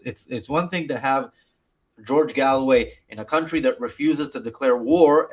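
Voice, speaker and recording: Male host, rambling stream commentary, halting delivery. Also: medium pitch. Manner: rambling, hesitant, filler-heavy.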